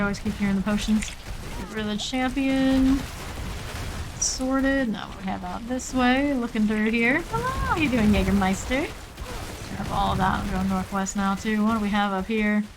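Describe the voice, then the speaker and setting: A woman streaming live gameplay, narrating her moves in short, calm callouts at an ordinary middle pitch. Her voice sits over a clear, steady hiss that sounds like rain in the background of the stream audio. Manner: steady running callouts, calm and matter-of-fact.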